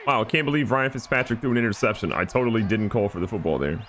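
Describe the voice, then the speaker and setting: A man giving excited, joking gameplay commentary as a gaming YouTuber. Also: on the low side, very fast, slight background noise. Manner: animated, joking, trash-talking.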